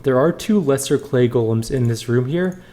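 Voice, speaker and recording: Wry male let's play host, mellow voice. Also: mid-range voice, animated, normal speed. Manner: reads dialogue aloud, wry asides. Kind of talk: casual game commentary.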